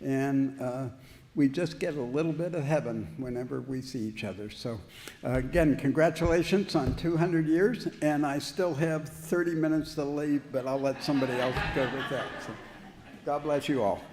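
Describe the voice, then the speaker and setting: A man's voice: mid-range voice, moderate pace, a crowd in the background. A man, a visiting pastor, giving an anniversary speech in a church and telling a folksy, humorous story like a practiced joke-teller. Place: church sanctuary. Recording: long hall reverb.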